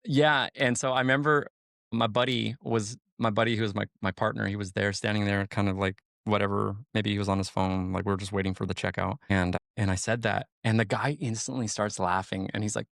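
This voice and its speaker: A man with a lowish, gravelly voice talks on a podcast in a loose, rambling way. He leans on "like" and "you know" and swears freely. The sound is close and dry. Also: fairly even intonation, brisk, fairly bright tone, no echo. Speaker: podcast co-host, sheriff's deputy. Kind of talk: casual podcast chat.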